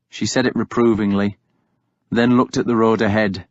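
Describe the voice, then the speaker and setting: A man narrating an audiobook in the first person with a measured, unhurried delivery. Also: on the low side, steady tone, no echo. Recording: dull lo-fi audiobook recording.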